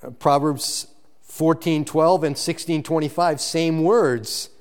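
A man preaching a sermon as pastor, earnest and emphatic, often restarting phrases and breaking into quick asides. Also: fairly high pitch, steady tone.

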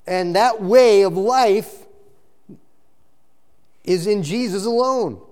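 Man, pastor, sermon, earnest, emphatic, slightly high voice, quick asides. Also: darkish tone.

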